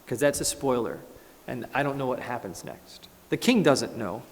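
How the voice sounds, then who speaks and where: A man, a pastor, preaching a conversational, animated sermon in a church and acting out scripture. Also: mid-range voice, normal speed. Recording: echoey church hall.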